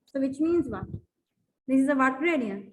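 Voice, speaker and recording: A woman with a high voice teaches a maths class, explaining step by step. She repeats herself, stumbles through fillers and restarts, and keeps asking whether the students follow. A faint hiss of noise sits behind her. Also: expressive, moderate pace, rough recording. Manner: repetitive, with many fillers and restarts. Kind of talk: classroom lesson explaining graphs.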